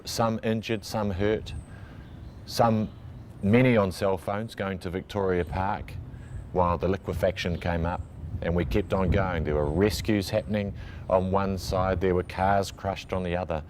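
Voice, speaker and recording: NZ male cameraman, very low voice, brisk vivid recollection. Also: darkish tone, slight background noise. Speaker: news camera operator. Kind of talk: documentary interview recollection.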